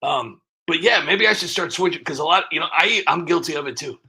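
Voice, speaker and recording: A man's voice: fairly high pitch, lively intonation, fairly quick, bright, forceful tone, husky. A man hosting a live stream who rambles in a casual, sarcastic, self-mocking way between clips. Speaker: streamer host.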